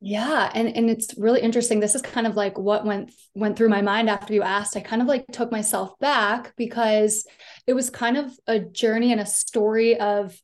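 A woman's voice: on the high side, fairly even intonation, normal speed. Chatty woman with a raised voice. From Delaware, US East Coast. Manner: chatty, rambling, lots of "like" fillers. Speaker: podcast guest. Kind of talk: personal storytelling.

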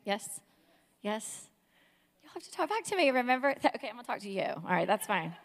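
A woman's voice: fairly high pitch, sing-song, brisk. Chatty woman preaching in a hall. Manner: chatty, joking, asks the audience to talk back. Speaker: guest speaker. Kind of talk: conversational sermon. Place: church sanctuary. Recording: long reverb from a hall.

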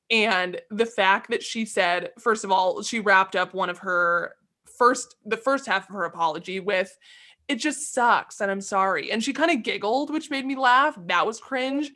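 Opinionated woman podcast co-host. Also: mid-range voice. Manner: animated, opinionated, quick to vent. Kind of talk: casual chat.

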